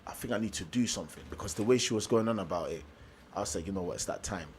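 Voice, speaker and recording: Fast-talking animated male storyteller. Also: fairly low pitch, breathy edge. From Germany. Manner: animated storyteller, acts out quoted dialogue. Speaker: motivational speaker, guest. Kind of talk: casual storytelling interview.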